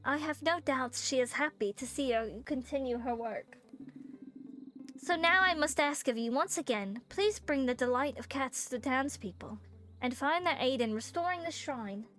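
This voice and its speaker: Solemn ancient shrine spirit, a woman doing it, put-on semi-Australian/British accent, high voice, slow game narration. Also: lively intonation, a bit bright, soft background music. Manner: slow, solemn storytelling reading.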